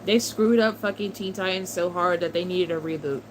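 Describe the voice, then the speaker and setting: A woman's voice: lowish voice, moderate pace, slight background noise, low-quality recording. A woman in her twenties chatting casually on a livestream, answering chat and swearing freely as she reminisces. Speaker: streamer reading chat.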